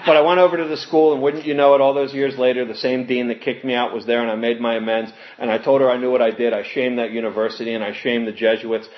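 Male speaker sharing his recovery story, earnest, lively quoting; dull lo-fi sound. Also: mid-range voice, fast talker, few pauses. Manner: earnest storytelling, animated when quoting others, laughs with audience. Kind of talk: personal testimony talk. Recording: muffled lo-fi recording.

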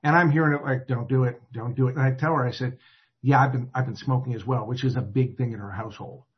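Husky man telling a self-mocking story. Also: medium pitch, steady tone, fast talker. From Atlanta area. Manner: self-deprecating, rambling, restarts and acted quotes. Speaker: recovery speaker. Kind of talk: personal recovery story told to a group. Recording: dull lo-fi recording.

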